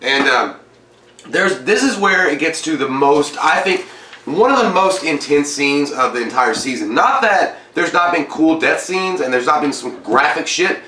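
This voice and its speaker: A man co-hosting a casual TV recap, animated and acting out scenes in quick voices. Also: fairly high pitch, slight background noise. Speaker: co-host. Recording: echoey room, mic at a distance.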